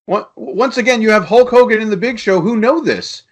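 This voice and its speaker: A man's voice: high-pitched, brisk. A man from Canada riffs through a casual movie podcast and laughs a lot as he chimes in. His voice sits a little above the usual male range. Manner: laughs often, agreeing and riffing. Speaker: podcast co-host.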